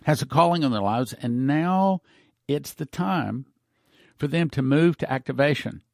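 Male pastor, radio sermon, gravelly voice, dry close sound, earnest and emotional. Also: a little high, expressive, a little slow, a little mellow, dry recording. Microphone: broadcast microphone.

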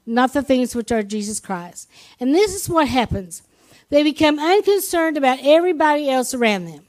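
High-voiced woman preaching conversationally. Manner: conversational, asks the congregation questions; frequent restarts and repeated words. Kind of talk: sermon.

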